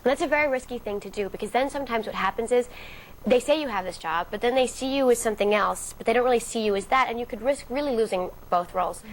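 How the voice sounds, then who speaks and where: Fast-talking woman telling a story. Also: a little high, a little hiss or hum, rough recording. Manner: acts out quoted dialogue vividly. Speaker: actress interviewee. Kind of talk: casual storytelling interview.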